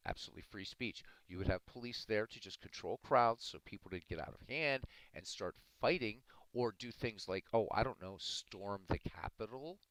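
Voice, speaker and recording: A man's voice: fairly low pitch, normal speed, hardly any pauses, fairly bright tone, dry recording, low-quality recording. A man who says he is Irish, streaming live and arguing back at his chat in a casual, combative way. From Ireland. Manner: argumentative, talking back to chat.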